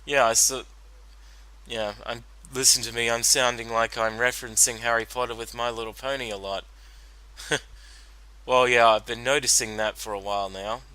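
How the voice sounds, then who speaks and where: A man's voice: medium pitch, fairly even intonation, normal speed, sharp tone, clear, resonant tone, poor audio. A man giving a solo commentary on a cartoon episode, rambling with many fillers and restarts. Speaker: reaction commentator.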